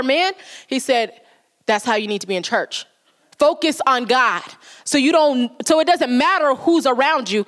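Woman, high voice, church sermon, emphatic, repeats key lines, acts out quotes. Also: a bit bright. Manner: repetitive, emphatic preaching with acted quotes. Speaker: youth speaker at church.

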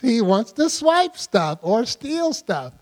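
An older man with a very high-pitched, slightly mellow voice preaches slowly, his pitch swinging widely. His sermon is conversational, and he often puts questions to the congregation. Long hall reverb and mains hum color the recording.

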